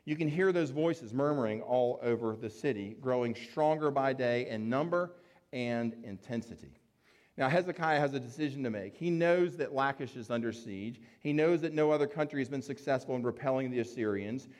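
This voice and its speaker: A man's voice: mid-range voice, normal speed, darkish tone. A man preaching a sermon in an explanatory, conversational way, with fillers and restarts. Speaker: pastor.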